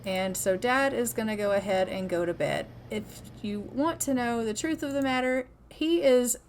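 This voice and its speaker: Brief: woman, slightly higher voice, chatty let's-play commentator, affectionate. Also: moderate pace, a little hiss or hum. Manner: chatty, affectionate, laughs often. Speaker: gameplay commentator.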